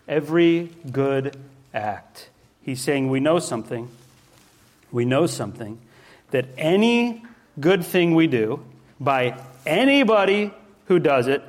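Male preacher mid-sermon, slightly high voice, emphatic, asks rhetorical questions.

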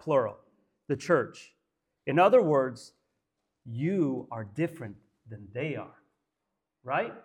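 A man preaching a sermon in church, emphatic and full of rhetorical questions. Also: fairly high pitch. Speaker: pastor.

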